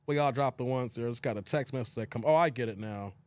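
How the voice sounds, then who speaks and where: A man hosting a casual reaction livestream, animated and exclamatory, talking straight to his chat. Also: mid-range voice, fast, no room sound.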